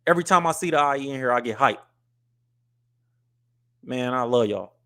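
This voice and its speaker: A man's voice: medium pitch, lively intonation, normal speed, sharp tone. A man from the US West Coast hosting a live stream, talking casually and bluntly, scolding viewers and reading their comments aloud. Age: adult with wife and kids. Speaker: livestream host.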